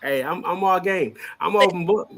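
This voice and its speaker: A man co-hosting a casual podcast chat, joking around and dropping quick asides. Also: sits high, fairly bright tone. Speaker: co-host.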